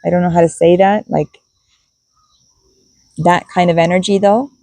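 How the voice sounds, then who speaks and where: A woman's voice: on the low side, steady tone, moderate pace, warm tone, no echo, poor audio. A woman giving a spiritual card reading to her viewers, musing aloud and repeating key words as she goes. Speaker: tarot and oracle card reader.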